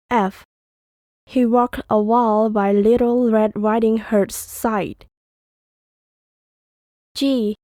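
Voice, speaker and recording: Slow woman reading textbook sentences. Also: a little high, darkish tone, no room sound. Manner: slow, careful exercise reading. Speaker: textbook audio narrator. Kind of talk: scripted reading of lettered sentences.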